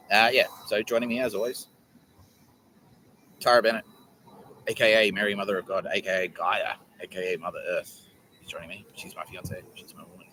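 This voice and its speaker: A man's voice: lowish voice, little pitch movement, a little fast, pauses often, sharp tone, slight background noise, poor audio. A man hosting his own podcast, rambling, joking, swearing and laughing often as he talks to his camera. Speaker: podcast host. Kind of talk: rambling casual monologue.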